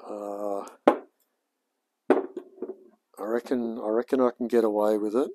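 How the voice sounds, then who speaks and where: Slow-talking Australian man in a workshop. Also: fairly low pitch, flat delivery, very noisy. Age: 40s. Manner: easygoing, chatty, talks to himself while he works. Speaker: hobby mechanic streamer. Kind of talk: casual livestream chat while working. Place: home workshop.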